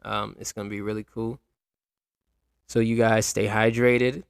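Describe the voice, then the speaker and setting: A man talks alone into a close mic for his podcast, his voice gravelly with a lot of fry. He rambles loosely, restarts his sentences and speaks straight to his listeners. The sound is dry, with no room around it. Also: lowish voice, little pitch movement, a little slow, no room sound. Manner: rambling, restarts often, addresses listeners directly. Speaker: podcast host. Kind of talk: casual solo podcast talk.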